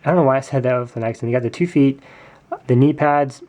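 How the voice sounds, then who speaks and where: A man's voice: medium pitch, steady tone, a little fast, darkish tone. A man casually reviewing a custom toy build, speaking with enthusiasm and often repeating his words of praise. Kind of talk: casual product review video.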